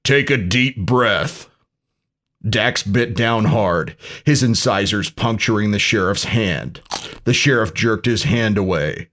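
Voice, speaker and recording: A man reading a parody pulp story aloud in a dry, deadpan narration. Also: on the low side, a little slow.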